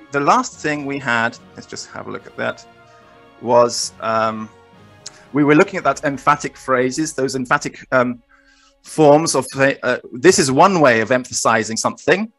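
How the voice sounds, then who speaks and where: A man presenting and explaining slides in a recorded discussion, talking in a measured, self-correcting way. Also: on the high side, pushed and bright, faint music behind. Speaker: guest presenter.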